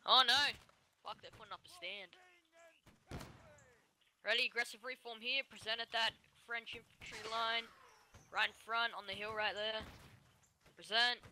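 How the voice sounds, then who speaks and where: A man's voice: high-pitched, fairly even intonation, normal speed, pauses often, bright, forceful tone, a little hiss or hum. An Australian man commanding his line over game voice chat, giving urgent, swearing orders through a headset. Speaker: line battle officer.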